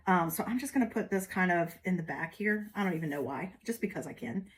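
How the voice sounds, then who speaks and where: A woman's voice: fairly low pitch, lively intonation, fast talker. A woman hosts a casual craft tutorial. She talks to her viewers in a chatty, folksy way. She keeps working with her hands as she goes. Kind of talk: casual step-by-step craft demo.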